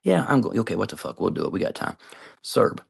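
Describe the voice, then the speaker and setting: Cursing vlogger ranting about people by name; deep voice, rough with heavy vocal fry, rambly delivery. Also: male voice, sing-song, fast. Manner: swears constantly, calls out people by name; trails off, hedges with "I don't know". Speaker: video commentator. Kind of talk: rambling profane rant to camera.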